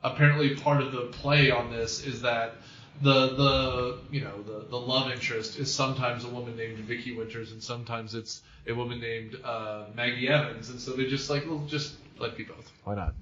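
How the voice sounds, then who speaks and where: Male co-host, jokey and animated, set back from the mic, roomy lo-fi sound. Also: mid-range voice, normal speed, slight background noise. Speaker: podcast co-host. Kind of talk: casual movie discussion. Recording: distant mic in echoey room, lo-fi.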